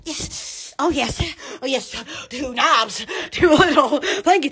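A woman hosting a phone livestream from home, rambling giddily with lots of giggles, squeals and drawn-out exclamations. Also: sits high, expressive, bright, forceful tone, slightly rough, shouting. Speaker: live-stream host. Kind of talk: silly, rambling livestream chatter.

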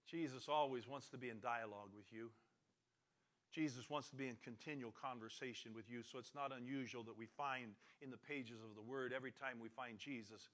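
A man preaching a sermon as pastor, swinging from loud, emphatic lines to quiet, low passages and repeating his key phrases.

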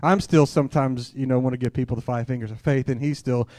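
A man's voice: medium pitch, steady tone, quick pace, mellow, dry recording. Candid preaching man, dry sound. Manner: candid, conversational storytelling; sprinkles in hallelujah. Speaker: guest preacher. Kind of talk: sermon. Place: church conference.

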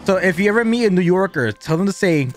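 A man hosts a chaotic gaming session, trading crude jokes with his friends. His voice sits a little high and swings widely in pitch. Faint music plays underneath. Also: lively intonation, quick pace. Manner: joking, crude. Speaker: gaming channel host. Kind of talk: casual gaming banter.

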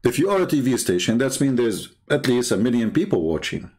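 A man's voice: medium pitch, very animated, fairly quick, a little mellow, breathy edge. A man hosting a show, giving mocking commentary with lots of laughter and repetition. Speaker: host.

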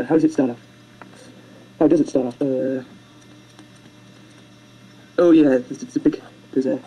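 A fast-talking amateur video maker casually retelling a film over rough sketches, rambling, self-mocking, and tripping over words. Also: mid-range voice, warm tone, a little hiss or hum, poor audio. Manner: makes silly sound effects and character voices.

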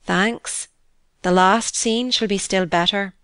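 A woman voicing a meek, frail young governess with a composed, quietly penetrating manner. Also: mid-range voice, steady tone, takes it slowly, clear, resonant tone, no echo. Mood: defiant.

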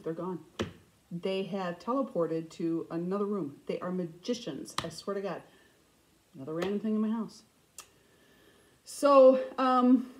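A middle-aged woman hosting a cross-stitch vlog, chatting casually and telling stories with animated, self-mocking humor. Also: medium pitch, low-quality recording. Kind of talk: casual storytelling chat.

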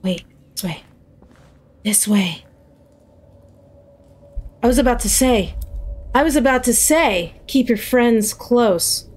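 A woman giving let's play commentary on a horror game, excitable and yelling mock exorcisms at the monsters. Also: on the high side, slow, pauses often. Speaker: gaming commentator.

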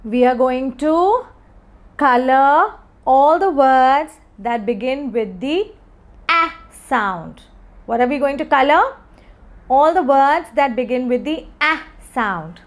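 A woman's voice: sits high, lively intonation, takes it slowly. A young woman teaching young children phonics, coaxing them along and answering her own questions in a sing-song way.

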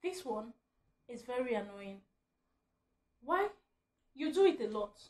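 A woman vlogger ranting at home, animated and often breaking into laughter. Her voice sits high, and the room adds a noticeable echo. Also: takes it slowly. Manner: animated, laughing mid-rant. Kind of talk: ranting vlog.

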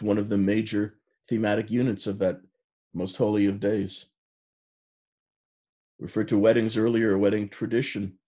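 A man in his sixties, a rabbi, giving a sermon and telling stories in an unhurried way, with Hebrew terms mixed in. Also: lowish voice, warm tone.

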